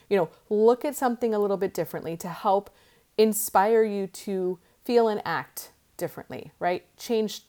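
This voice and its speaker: Lady coach chatting to listeners, easygoing and encouraging, lots of you knows. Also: medium pitch. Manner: conversational, many fillers, gently encouraging. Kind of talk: podcast monologue.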